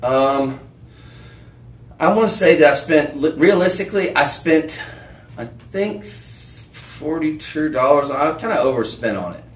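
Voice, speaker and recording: A man hosting a live home shopping show, pitching products in a chatty, rambling way with lots of fillers and restarts. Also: animated, measured pace, long pauses, reverberant. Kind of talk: live on-air sales pitch. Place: TV shopping studio.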